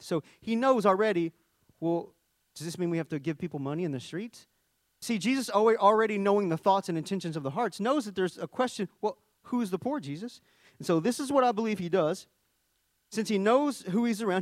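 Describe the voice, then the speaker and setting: A man's voice: fairly high pitch, no room sound. A man preaching a sermon in a conversational teaching manner, often starting with "see" and restarting phrases as he explains word meanings.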